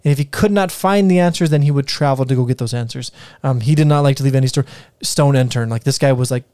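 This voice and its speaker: A man co-hosting a casual history podcast, relaxed, retelling his notes with fillers and easy laughs. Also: mid-range voice, fast talker, clear, resonant tone, dry recording. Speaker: podcast co-host.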